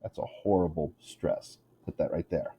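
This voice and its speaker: A man's voice: low voice, moderate pace, dark tone, husky. A male English teacher giving a recorded lesson, joking with his class and drawing out syllables to show which one is stressed.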